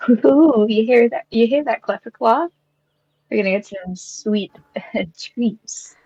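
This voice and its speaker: A woman's voice: fairly high pitch, slow, mellow, husky, no echo, dull audio, exaggerated voice. A woman as an eager, hungry rabbitfolk paladin. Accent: British. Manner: upbeat, eager.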